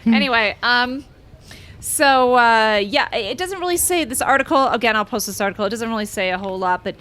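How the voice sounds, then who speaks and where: A woman hosting a podcast in casual chat, rambling and excitable with many fillers. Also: fairly high pitch, a little fast. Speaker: podcast host.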